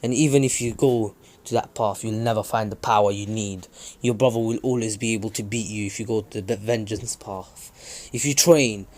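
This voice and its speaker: A man voicing a confident teenage ninja boy who lectures his rival calmly, in his own everyday voice with hesitations and restarts. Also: on the low side, normal speed, pitched below the performer's own voice, lightly acted. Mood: calm, lecturing. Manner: plain storytelling voice with ums and restarts. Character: confident teenage male ninja, calm and preachy. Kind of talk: retelling a fan story.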